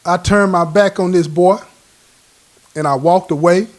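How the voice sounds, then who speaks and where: Man, higher voice, streetwise host telling a prison story in slang, animated, quotes people in character. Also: a little slow. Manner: animated, laughs at his own story. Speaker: host telling his own prison stories. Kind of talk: casual spoken storytelling.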